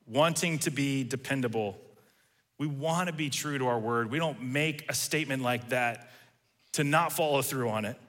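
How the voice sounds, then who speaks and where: Male preacher, casual sermon delivery, bright tone, big reverberant room. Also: mid-range voice. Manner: conversational, acts out quoted lines. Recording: reverberant hall.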